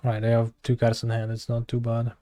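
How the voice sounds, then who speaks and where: A man's voice: medium pitch, completely flat delivery, fairly quick, warm tone, dry recording. A man with a Polish accent, a streamer muttering casual, sarcastic commentary over his game, swearing when frustrated.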